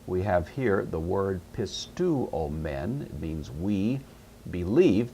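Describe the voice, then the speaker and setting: A middle-aged man teaching Greek grammar in a recorded lecture, explaining patiently step by step and repeating key words slowly. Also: low voice, a little mellow, a little hiss or hum.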